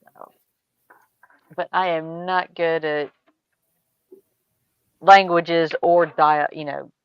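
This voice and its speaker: A middle-aged American woman telling stories in a relaxed group chat, laughing often and trailing off into asides. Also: low-pitched, smooth, no room sound, dull audio. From United States. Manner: chatty storyteller, quick laughs, trailing asides. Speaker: show host. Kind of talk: casual chat.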